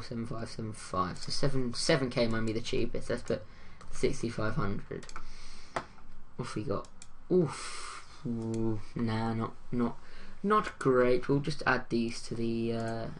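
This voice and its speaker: Young man, gaming commentary, unhurried, faint keyboard clicks behind. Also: mid-range voice, creaky, slight background noise. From London. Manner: chatty, jokey, thinks aloud. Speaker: gaming YouTuber. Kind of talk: casual gameplay commentary.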